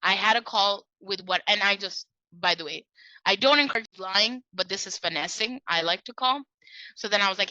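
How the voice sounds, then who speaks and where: A woman sharing sales tips as a trainer, telling stories in a lively way and acting out the dialogue. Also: medium pitch, moderate pace, dry recording, dull audio.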